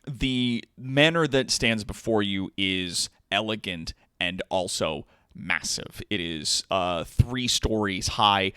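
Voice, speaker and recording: A man's voice: fairly low pitch, slow, hardly any pauses, pushed and bright, smooth, no echo, clean studio sound. A man narrating as game master for a tabletop game, casual with many fillers.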